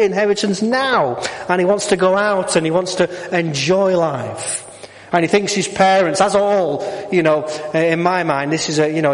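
Brief: middle-aged male preacher, slightly high voice, jokey, asks the room questions, long church reverb. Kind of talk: sermon.

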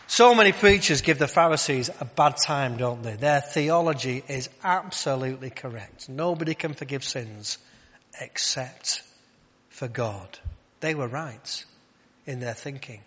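A man's voice: medium pitch, unhurried, slightly rough. Man preaching in a reverberant hall. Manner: conversational, rhetorical questions, drops to quiet emphasis. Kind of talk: sermon.

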